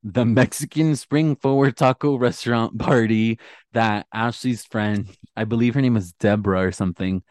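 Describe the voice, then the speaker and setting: A man's voice: medium pitch, fairly even intonation, moderate pace, a little mellow, no echo. A man co-hosting a casual podcast, recapping episodes and laughing often. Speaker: podcast co-host.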